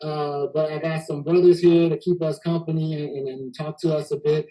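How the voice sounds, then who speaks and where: A man's voice: on the high side, level tone, moderate pace, mellow, rough recording. A man from Texas hosting a casual panel discussion, easygoing and joking, often repeating words as he gets going. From Houston, Texas. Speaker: host.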